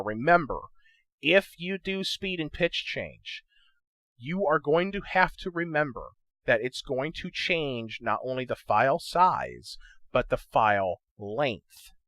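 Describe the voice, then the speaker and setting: A man talks viewers through his audio editing in a loose, conversational tutorial. His voice sits at an ordinary middle pitch and keeps nudging the viewer with "okay?" and "right?". The recording is dry, with no room sound. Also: fairly bright tone, no echo. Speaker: gaming channel host teaching audio editing. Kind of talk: casual screen-recorded tutorial.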